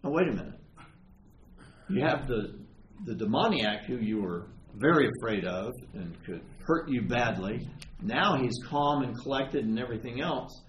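A man preaching a sermon in a conversational, animated way, retelling stories and asking his listeners questions. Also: mid-range voice, lo-fi sound. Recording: echoey room with faint ambient noise.

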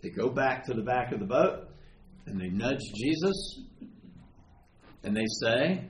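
A man preaching a sermon in a conversational, animated way, retelling stories and asking his listeners questions. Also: mid-range voice, measured pace. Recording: echoey room with faint ambient noise.

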